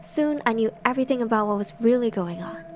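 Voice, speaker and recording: A young woman streamer narrating horror stories in a soft, hushed semi-ASMR style, with giggly asides. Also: a little high, expressive, fast, slight background noise.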